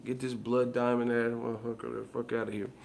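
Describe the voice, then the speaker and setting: A man's voice: medium pitch, level tone, brisk, creaky, a little mellow, a little hiss or hum. A man ranting casually as a boxing commentator, heated and profane, repeating himself. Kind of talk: casual rant.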